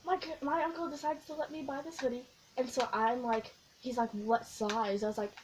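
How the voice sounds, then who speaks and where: A young woman vlogging, telling a long, excitable story in a casual, rambling way with lots of giggles. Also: sits high, brisk, poor audio. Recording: faint background noise.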